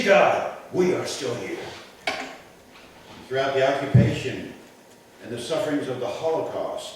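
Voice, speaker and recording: Male pastor, measured emphatic sermon full of rhetorical questions; cavernous reverb, distant mic. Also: on the high side, slight background noise. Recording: echoey church from a distant mic.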